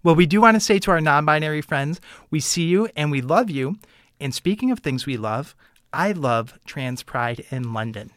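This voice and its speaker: A woman's voice: low-pitched, lively intonation, moderate pace, no room sound, studio quality. A woman co-hosting a talk show, speaking in an earnest, emphatic way. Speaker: co-host. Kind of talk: casual talk-show chat.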